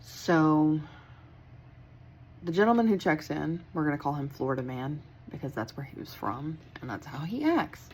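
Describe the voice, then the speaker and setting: A woman's voice: sits low, big pitch swings, moderate pace, darkish tone, slight background noise. A young woman who works at a hotel, telling a story in a blunt, casual way with plenty of swearing and a tired, wry tone. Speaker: hotel worker.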